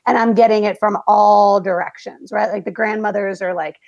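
A middle-aged woman hosting a podcast, telling stories in a lively way and laughing often. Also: mid-range voice, moderate pace, vocal fry, dry recording, muffled recording. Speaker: podcast host. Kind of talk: casual chat.

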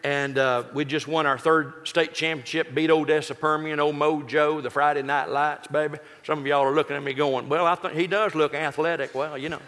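Man in his sixties, folksy, joking, slightly high pitched, sermon storytelling, reverberant hall. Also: moderate pace, few pauses. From Texas. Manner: folksy, joking, lively delivery. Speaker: pastor.

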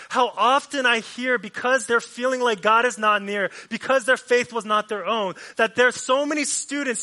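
A man preaching a sermon, repeating lines for emphasis and swinging from forceful delivery to hushed, near-whispered passages. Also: very high-pitched.

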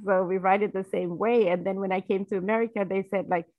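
A woman's voice: mid-range voice, steady tone, fast talker, dry recording, narrow, tinny audio. Lady hosting a chat, says yes a lot, upbeat, pretty dry audio. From Germany. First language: German. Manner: enthusiastic, frequent affirming yeses. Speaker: podcast host. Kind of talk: casual interview conversation.

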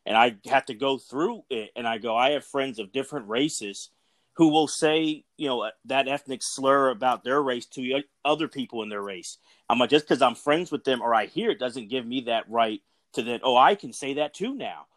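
A man's voice: mid-range voice, normal speed, fairly bright tone, dry recording. Earnest, explaining man, dry sound. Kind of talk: casual chat.

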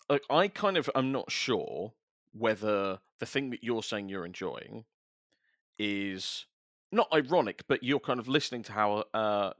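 A middle-aged man with a somewhat low voice chats casually on a podcast. He rambles through long thoughts, stumbles over stammered restarts and keeps a wry edge. The sound is close and dry. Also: a bit bright, dry recording. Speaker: podcast host, music journalist. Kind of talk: casual chat.

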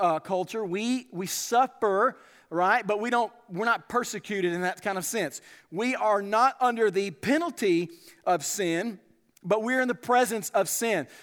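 A man preaching in an earnest, emphatic way, often checking in with his listeners through rhetorical questions. His voice sits high for a man, and a long reverb from a large hall trails behind every phrase. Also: fairly bright tone. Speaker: pastor. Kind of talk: sermon.

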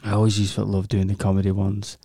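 A man's voice: on the low side, completely flat delivery, fast talker, creaky, mellow, no room sound, clean studio sound. A young man chatting casually in a laid-back way. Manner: laid-back, laughs often, frequent agreeing. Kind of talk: casual chat.

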